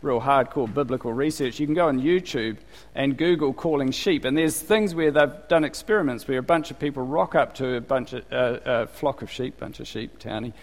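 A male preacher with a New Zealand accent gives a chatty, conversational sermon and keeps asking his listeners questions. His voice sits at an ordinary pitch, neither high nor low. The room has a long, hall-like reverb. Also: normal speed. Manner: chatty, asks the congregation questions.

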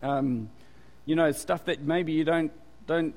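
A man's voice: fairly high pitch, fairly even intonation, takes it slowly, a little mellow. A man preaching a conversational sermon as pastor, often asking the congregation questions and waiting for answers. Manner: chatty, quizzes the congregation. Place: church. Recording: long reverb of a hall.

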